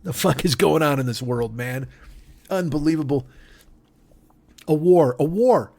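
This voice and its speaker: A man in his forties rants through a solo comedy podcast, swearing freely and cracking himself up. His voice sits a bit high, and the close mic sounds dry, with no room echo. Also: measured pace, creaky. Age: 40s. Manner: profane, ranting, animated, laughs at own jokes. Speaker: podcast host.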